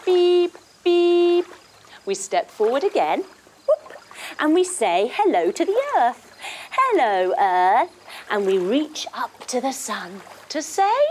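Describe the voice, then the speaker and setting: Brief: young female kids-yoga teacher, lively singsong delivery, slow and unhurried, faint hiss behind. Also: fairly high pitch. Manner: playful, singsong, lots of sound effects and cues. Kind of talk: guided kids yoga story.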